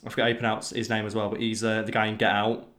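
Sweary, excitable man chatting. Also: fairly low pitch, racing. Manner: enthusiastic, sweary storyteller. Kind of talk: casual chat.

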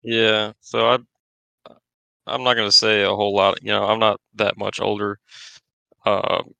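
A man's voice: fairly low pitch, flat delivery, measured pace, creaky, pushed and bright, no room sound, poor audio. A young man in his twenties on a podcast, giving brief easygoing encouragement. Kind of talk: casual chat.

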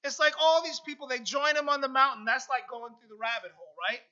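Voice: high voice, quick pace, pushed and bright, highs cut off. A pastor preaching a sermon and reading scripture, earnest, repeating phrases and asking "right?" often. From United States.

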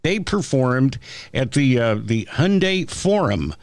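Easygoing man co-hosting, lively voice. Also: medium pitch, slow, dry recording, studio quality. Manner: easygoing, playful banter. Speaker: podcast co-host. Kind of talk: casual chat.

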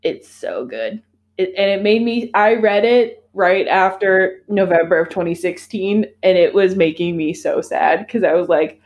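A woman's voice: fairly low pitch, moderate pace, darkish tone. A young woman co-hosting a podcast, telling rambling stories full of tangents. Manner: rambling, tangent-prone storytelling. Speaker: podcast co-host. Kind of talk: casual chat.

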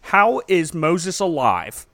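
A man's voice: fairly high pitch, slow, no echo. Laughing man joking through a movie recap. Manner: animated, laughing, joking storyteller.

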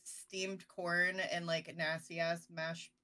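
A woman's voice: lowish voice, little pitch movement, drawn-out words, sharp tone. A woman co-hosting a casual podcast, speaking frankly and matter-of-factly, with crude asides. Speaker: podcast co-host, parent.

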